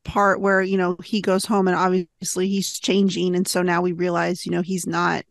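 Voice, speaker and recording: A woman guesting on a podcast, chatting in an animated way and laughing often. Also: fairly low pitch, moderate pace, creaky, no room sound, clean studio sound. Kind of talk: casual chat.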